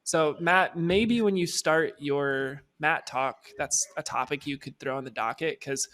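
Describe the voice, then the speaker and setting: A man hosting a podcast in casual chat, animated and joking, trailing off into fillers. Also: a little high, a little slow. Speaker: podcast host.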